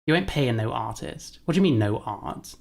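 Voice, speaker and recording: A woman's voice: a bass voice, lively intonation, normal speed, creaky, darkish tone. A woman streamer giving blunt, sarcastic and profane reaction commentary, often laughing. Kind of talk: casual livestream reaction commentary.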